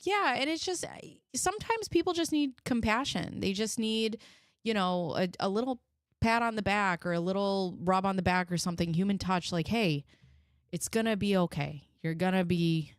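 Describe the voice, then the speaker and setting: A woman's voice: on the low side, clean tone, no echo, clean studio sound. A woman in her thirties hosting a live stream, chatting in a rambling, heartfelt way. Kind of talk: casual commentary.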